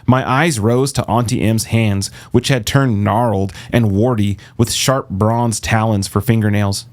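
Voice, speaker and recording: A man narrating an audiobook in the first person with a steady, measured delivery. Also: fairly low pitch. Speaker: audiobook reader.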